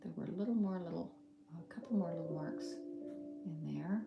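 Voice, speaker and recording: A middle-aged woman with a Southern accent chats her way through a painting lesson, her voice sitting on the low side. She thinks aloud with frequent ums and little laughs. The room is roomy, and guitar music plays clearly behind her. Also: brisk, muffled recording. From Western North Carolina. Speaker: art instructor. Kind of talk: casual live painting tutorial. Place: home art studio.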